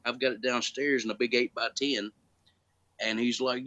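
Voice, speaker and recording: A man's voice: mid-range voice, normal speed, dull audio. A man telling stories in casual chat as a guest, acting out quoted exchanges. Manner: animated storytelling, acts out quoted exchanges. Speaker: guest actor.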